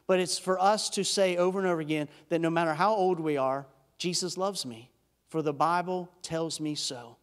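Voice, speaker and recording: A man, a pastor, giving an earnest, emphatic sermon that swings from loud peaks to hushed, intimate drops. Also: sits high. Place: church sanctuary. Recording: church hall reverb.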